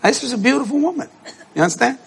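Male preacher, high and gravelly, swings wildly in pitch, acts out voices, shouts at his congregation. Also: fast talker. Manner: animated, acts out voices, bursts into shouts and laughter. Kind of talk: storytelling sermon. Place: church service with congregation.

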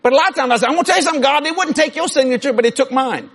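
A man preaching a sermon in an animated way, often shouting and laughing. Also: very high voice, rapid-fire.

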